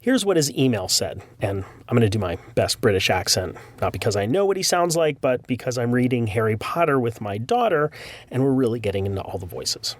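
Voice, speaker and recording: A man's voice: medium pitch, sing-song, fairly quick, no room sound. A man hosting a podcast, talking in a friendly, conversational way with light jokes. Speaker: podcast host. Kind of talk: casual podcast monologue.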